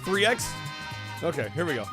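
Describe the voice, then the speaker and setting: A man's voice: on the high side, big pitch swings, normal speed. A man hosting a casual livestream, chatting in a laid-back way and thanking viewers. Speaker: streamer host. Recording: music playing under voice. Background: background music.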